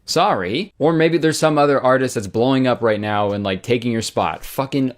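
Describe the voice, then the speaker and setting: A man's voice: medium pitch, normal speed. A man giving comedic commentary in a sarcastic, exasperated tone, swearing casually.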